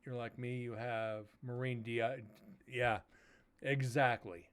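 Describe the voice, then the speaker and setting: A man hosting a paranormal livestream, chatting casually and rambling a little, with a loud voice that he says carries far. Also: medium pitch, flat delivery, takes it slowly, clear, resonant tone. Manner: rambling, laid-back talk with fillers. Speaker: paranormal investigator host.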